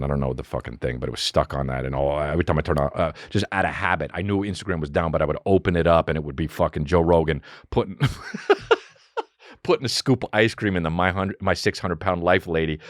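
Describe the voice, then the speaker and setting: A man's voice: rumbling low, no echo, studio quality. A man hosting a podcast alone at home, talking in a loose, profane, rambling comedic monologue that jumps from topic to topic. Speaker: podcast host. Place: home room with a fan running.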